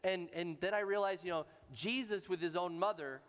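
A pastor preaching to a congregation, animated and anecdotal, repeating words for emphasis. His voice sits a touch higher than most men's, and a long reverb hangs behind it from the large hall. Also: moderate pace, clear, resonant tone. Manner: animated, repetitive anecdotal delivery. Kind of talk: sermon storytelling.

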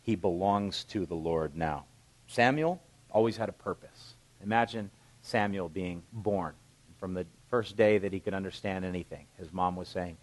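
A middle-aged man preaches a sermon in a somewhat low voice. He reads scripture aloud, then breaks it down in plain, conversational talk, like a pastor speaking to his church. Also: normal speed, rough recording.

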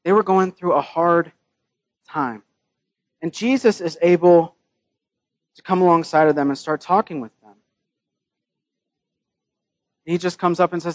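A man's voice: fairly high pitch, moderate pace, long pauses, no room sound. A man preaching a sermon in a casual, joking way, with his own scripture readings mixed in. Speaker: pastor.

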